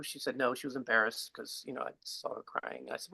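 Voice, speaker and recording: Gravelly, bright-toned man telling a story. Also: mid-range voice, a little fast, hardly any pauses, no room sound, poor audio. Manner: relaxed, rambling, chuckles while telling. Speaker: guest speaker. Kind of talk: casual spiritual teaching with storytelling.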